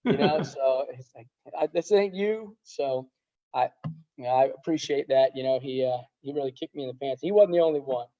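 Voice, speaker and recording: Earnest rambling wrestling coach. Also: male voice, medium pitch, steady tone, brisk, dark tone. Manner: rambling, earnest, many restarts. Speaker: head wrestling coach, guest. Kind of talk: casual podcast interview. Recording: dull lo-fi sound.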